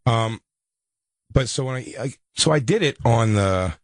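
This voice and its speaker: Rambling animated male comedian. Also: mid-range voice, unhurried, no echo. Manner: animated, rambling, with many restarts. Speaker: comedian guest. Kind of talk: casual comedic storytelling.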